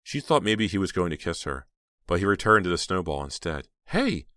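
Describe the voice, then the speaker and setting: A man narrating an audiobook in a steady, measured voice. His voice is very low and deep, and the recording is dry and close with no room sound. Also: no room sound. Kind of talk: scripted narration.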